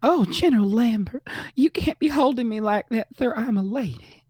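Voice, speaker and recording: A man's voice: normal speed, a crowd in the background. A man playing a flustered Southern belle lady in a put-on Southern US accent, coy and swooning. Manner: coy, swooning, high drawl.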